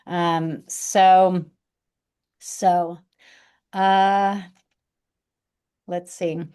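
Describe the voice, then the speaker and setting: A woman teaching a reflexology class in a gentle, unhurried and reflective way, with frequent fillers and restarts. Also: on the low side, little pitch movement, smooth. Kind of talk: gentle instructional talk.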